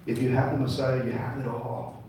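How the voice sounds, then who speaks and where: A man's voice: medium pitch, level tone, fairly quick, dark tone, slight background noise. Man, pastor, sermon, call-and-response preaching, distant mic, heavy echo. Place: congregation hall. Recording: echoey room mic'd from afar.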